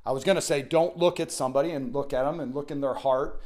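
A man's voice: on the high side, fairly even intonation, fast, darkish tone. A middle-aged man hosting a solo motivational podcast, talking in an earnest, rambling way that repeats itself and restarts often. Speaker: podcast host.

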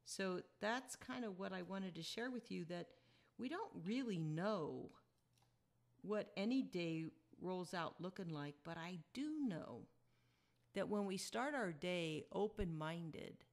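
Chatty woman podcaster telling a story. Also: on the low side. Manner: chatty, reflective, chuckles while telling. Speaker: podcast host. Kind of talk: personal storytelling monologue.

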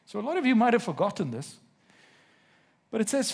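A preacher in a church, his voice sitting high for a man and a little husky. He drawls the verses out word by word, then turns to quiz his congregation directly. Now and then he slips in a wry joke. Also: sing-song, a little mellow. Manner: reads scripture slowly with emphasis, asks the congregation questions, jokes. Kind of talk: sermon to a live congregation.

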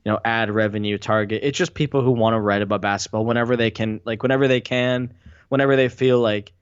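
A man's voice: medium pitch, fairly even intonation, fast, clear, resonant tone, no room sound. A man guesting on a podcast, talking in a rambling, hesitant way with many ums. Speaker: podcast guest, basketball writer. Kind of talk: casual chat. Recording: dull dry lo-fi sound.

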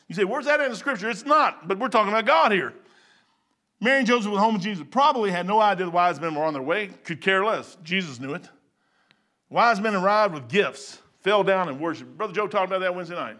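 A middle-aged man preaching a sermon, switching between loud excited bursts and low quiet asides. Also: quick pace.

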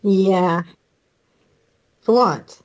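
A woman's voice: mid-range voice, very slow, darkish tone. Teasing, playful female co-host. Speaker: podcast co-host. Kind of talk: casual chat.

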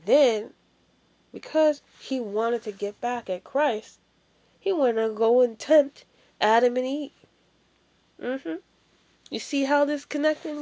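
A woman delivers a casual sermon in a fairly high voice. She takes her time, leaning on rhetorical questions to drive each point home. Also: a little mellow. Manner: emphatic, full of rhetorical questions. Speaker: preacher. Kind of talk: informal sermon.

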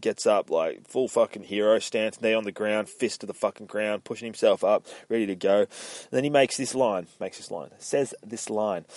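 A man's voice: on the low side, a little mellow, no room sound. Foul-mouthed man recapping a comic. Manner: profane, rambling play-by-play with quick voice impressions. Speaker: comic book podcast host.

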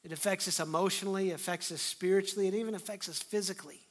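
A middle-aged pastor delivers a sermon in a fairly high voice. He acts out scripture dialogue with feeling and drops to a hush before building back up to loud, emphatic lines. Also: fairly even intonation, fast.

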